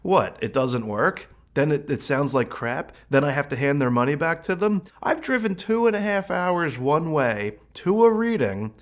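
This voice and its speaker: Animated storytelling man, slightly high voice. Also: moderate pace, few pauses. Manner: animated, acts out quoted exchanges in a higher voice. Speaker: psychic medium, podcast host. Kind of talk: casual storytelling monologue.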